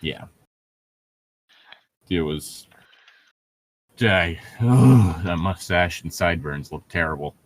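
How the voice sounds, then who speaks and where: A man's voice: deep voice, expressive, slow, pauses often. A young man co-hosting a casual podcast chat, rambling with lots of fillers and laughing often. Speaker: podcast co-host.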